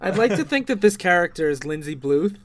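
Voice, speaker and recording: A man's voice: high-pitched, sing-song, a little fast. A man chatting casually on a podcast, making wry, sarcastic remarks. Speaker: podcast co-host. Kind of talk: casual chat.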